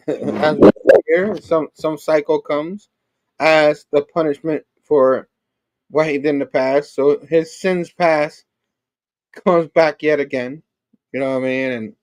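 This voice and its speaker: Higher-voiced man musing slowly, dry sound. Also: steady tone, a little mellow, no echo, low-quality recording. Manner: slow, musing, asks "you know what I mean?". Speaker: podcast co-host. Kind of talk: casual comic-book discussion.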